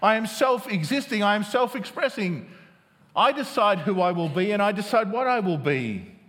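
A man delivers a sermon in a fairly high voice that rings through the long reverb of a large hall. He reads scripture aloud and keeps checking in with his listeners, asking "don't we?" and "isn't it?" between restarts. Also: expressive, normal speed, a bit bright. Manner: asks the congregation "isn't it?" often, with restarts. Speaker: preacher.

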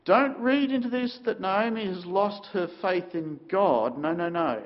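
A man preaching a sermon, telling the story dramatically with sudden shifts between loud and quiet. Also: sits high, measured pace, few pauses, muffled recording.

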